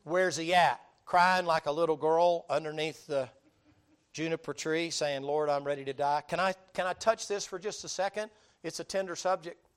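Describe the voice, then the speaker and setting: A man preaching a sermon, telling the story in a lively, colloquial way and acting out the people he quotes. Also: fairly high pitch, normal speed, clear, resonant tone. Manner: animated storytelling with colloquial drawl, dramatic quoted voices, laughs.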